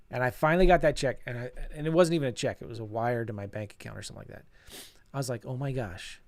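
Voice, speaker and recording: A middle-aged man talking casually as a real estate coach, telling a story and acting out old conversations with a self-deprecating, animated manner. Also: medium pitch. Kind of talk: casual storytelling to an online audience.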